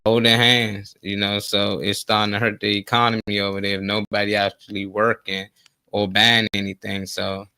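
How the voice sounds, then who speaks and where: Laid-back low-voiced male host. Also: level tone, moderate pace, creaky, sharp tone, smooth, no room sound. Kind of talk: casual call-in chat.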